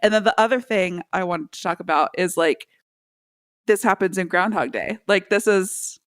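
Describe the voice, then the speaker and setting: A woman co-hosting a podcast, talking through a movie in relaxed casual chat, with lots of filler likes. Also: lowish voice, moderate pace, no echo, clean studio sound. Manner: chatty and reflective, many filler likes. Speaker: podcast co-host. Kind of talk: casual chat about a film.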